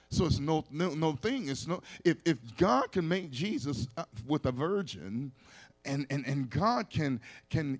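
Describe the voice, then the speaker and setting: A middle-aged male pastor preaching a sermon, repeating phrases and building from quiet asides to shouts. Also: fairly high pitch. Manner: repetitive, call-and-response preaching, swelling to shouts.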